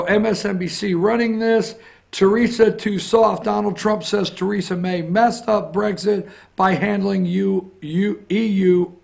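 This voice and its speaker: A man's voice: high-pitched, vocal fry. A man hosting a morning opinion show, talking through the news in blunt, combative, mocking commentary. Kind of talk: rambling political commentary.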